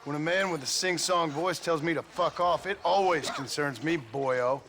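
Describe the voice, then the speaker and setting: An actor playing a blunt, dry-humored former outlaw in a game cutscene. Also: male voice, fairly high pitch, normal speed, a bit bright. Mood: threatening. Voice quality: gravelly, dry sarcastic. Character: gruff reformed outlaw man, dry, blunt. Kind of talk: video game cutscene acting. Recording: game audio with outdoor ambience.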